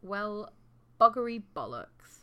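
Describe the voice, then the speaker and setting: A woman's voice: mid-range voice, very animated, slow, fairly bright tone, smooth. A woman co-hosting a podcast, telling a true crime story in a casual, sweary, jokey way. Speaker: podcast co-host.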